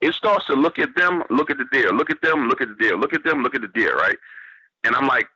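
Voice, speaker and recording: A man's voice: mid-range voice, fairly quick, pushed and bright, breathy edge, dry recording, dull audio. A man from New Orleans with a Southern accent, telling a story on a radio show and quoting what others said to him. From New Orleans, Louisiana, US. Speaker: guest storyteller.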